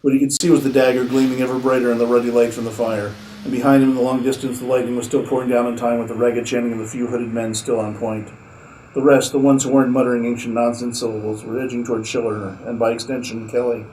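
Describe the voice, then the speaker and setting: Mellow-voiced man reading his fiction aloud. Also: mid-range voice, flat delivery, fast talker, a little hiss or hum, low-quality recording. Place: convention reading room.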